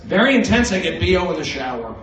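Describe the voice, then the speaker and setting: Man, stand-up comedian, manic erratic delivery, sudden loud outbursts, slightly high voice, distant mic, echoey club room. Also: very animated, fast talker, slight background noise. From American Southwest. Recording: roomy, distant livestream audio with crowd laughter.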